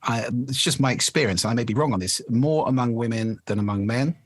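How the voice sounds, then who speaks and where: A man's voice: mid-range voice, fast, no room sound. A man, a voice expert explaining speaking habits in a podcast interview. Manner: articulate, explanatory, demonstrates voice effects.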